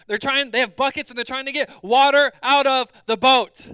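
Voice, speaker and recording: A man preaching a sermon as pastor, swinging between loud urgency and quiet, hushed passages. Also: very high voice, steady tone, fairly quick, hardly any pauses, clean tone, dry recording.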